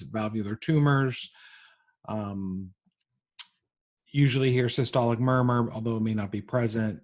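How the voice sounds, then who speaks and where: A man giving a recorded medical lecture, pausing often with ums and uhs. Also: fairly low pitch, a little mellow. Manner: halting, frequent ums and uhs.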